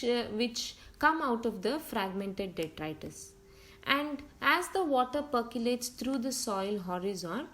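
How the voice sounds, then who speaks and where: A woman's voice: a little high, rough recording. A young woman teacher giving a biology lecture, explaining terms step by step with frequent fillers.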